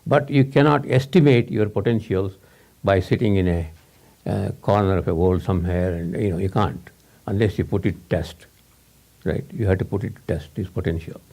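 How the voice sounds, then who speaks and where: A man's voice: low voice, normal speed, creaky, dark tone. A man giving a rambling, informal talk to a small audience, repeating words and laughing often.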